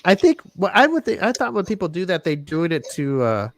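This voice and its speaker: A man's voice: high-pitched, big pitch swings, brisk, no echo. A man hosting a casual podcast chat, rambling, restarting his words and laughing often. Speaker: podcast host.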